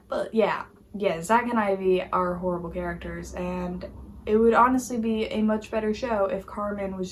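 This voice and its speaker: A woman giving a casual, animated opinion rant as a YouTube commentator, exasperated and full of "like" fillers. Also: mid-range voice. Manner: animated, exasperated, heavy use of "like".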